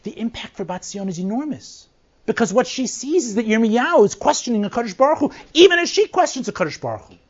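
A woman teaching a verse-by-verse Bible lesson. She reads Hebrew verses slowly, explains them in plain English and leads with rhetorical questions. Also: a little high, big pitch swings. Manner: asks rhetorical questions to lead the listener. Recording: slightly muffled lo-fi recording.

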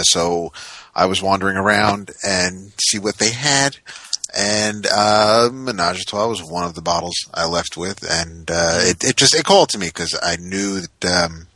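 Bright-voiced man joking on a podcast. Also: lowish voice, no room sound. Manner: joking, halting with fillers. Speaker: podcast co-host. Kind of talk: casual chat.

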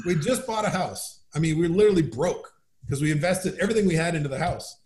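A man telling his life story as a guest in an interview, upbeat and animated. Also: fairly high pitch, fast. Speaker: guest, business founder. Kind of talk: conversational storytelling. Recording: roomy echo.

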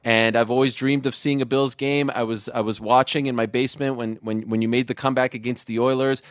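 A man's voice: mid-range voice, level tone, a little fast, clear, resonant tone, no room sound, studio quality. Effusive, emotional man gushing on a call. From Canada. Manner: effusive, emotional, tumbling restarts. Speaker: guest. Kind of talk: excited phone-in chat.

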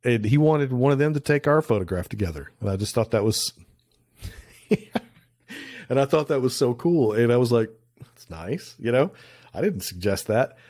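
A man's voice: medium pitch, lively intonation, normal speed, pauses often, a little mellow, no echo, studio quality. A middle-aged man, a photographer guest, chatting casually and telling anecdotes with plenty of restarts and fillers. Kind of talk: casual interview storytelling.

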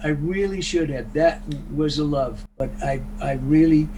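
An older man from Brooklyn, chatting casually and telling lively stories. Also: fairly high pitch, measured pace, a little hiss or hum, poor audio. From Brooklyn, New York. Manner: animated storyteller, acting out voices. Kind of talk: casual chat.

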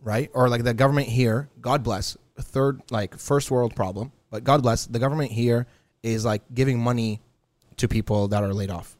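A man co-hosting a casual podcast, jokey and self-deprecating, rambling through his points. His voice sits at a middle pitch and sounds dry and close, with no room echo. Faint music plays underneath. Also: moderate pace, a little mellow. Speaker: podcast co-host.

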